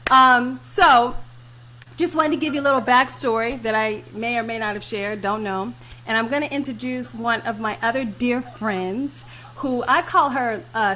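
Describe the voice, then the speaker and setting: Effusive higher-voiced woman hosting a video call. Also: a bit bright, slight background noise. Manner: effusive, laughs often, gets emotional. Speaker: host of a virtual launch party. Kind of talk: casual live video chat.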